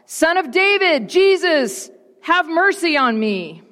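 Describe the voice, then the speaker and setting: A woman voicing a desperate blind male beggar who cries out and pleads loudly for help. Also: extremely high pitch, very animated, slow pace, long reverb tail, pitched above the performer's own voice, full character voice. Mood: pleading.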